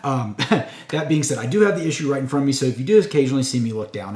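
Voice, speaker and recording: A man's voice: on the low side, a little mellow. A man reviewing a comic book in a casual, rambling way, with fillers and self-corrections. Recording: echoey room.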